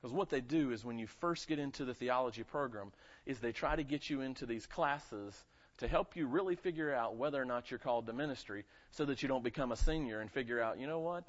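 A man's voice: medium pitch, a little fast. A male pastor from North Carolina with a light Southern accent, preaching a sermon in a conversational way and asking his congregation for amens. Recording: muffled lo-fi sound.

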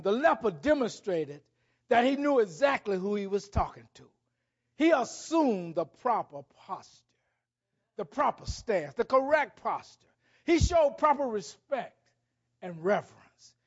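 A man preaching a sermon, with dramatic swings between loud and soft. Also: extremely high pitch, husky, dull audio. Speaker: pastor.

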